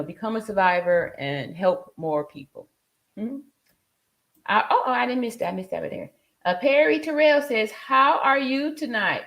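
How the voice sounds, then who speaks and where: Woman, forties, livestream host, casual chat, lots of fillers, laughs often. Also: medium pitch. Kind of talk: casual livestream chat reading viewer comments.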